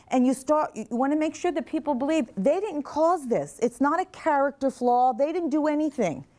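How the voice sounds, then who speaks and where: Earnest woman speaker, slightly high voice. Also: lively intonation, normal speed, warm tone. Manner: earnest, asks the audience questions, repeats their answers. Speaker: mental health advocate speaking to nursing students. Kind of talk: motivational talk to a class. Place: classroom or lecture hall.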